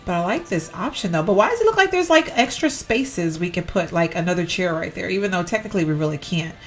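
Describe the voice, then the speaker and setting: A woman's voice: lowish voice, expressive, quick pace, soft background music. A woman giving casual, rambling commentary while decorating in a life-sim game, often correcting herself. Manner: chatty, rambling, self-correcting, giggly. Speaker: Sims gameplay YouTuber.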